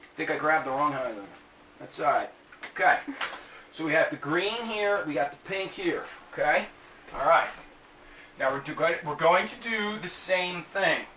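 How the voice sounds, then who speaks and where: Male math teacher, high bright voice, joking manner; echoey classroom, mic a bit far off. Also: expressive, moderate pace. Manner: chatty, tells jokes between steps. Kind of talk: classroom math lesson with jokes. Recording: echoey room, mic at a distance, faint hiss.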